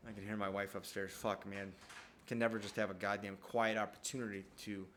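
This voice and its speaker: A man's voice: fairly low pitch, level tone, fairly quick, fairly bright tone, slight background noise. A man at home telling a rambling, profane story in a casual monologue. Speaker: vlogger. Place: at home, downstairs.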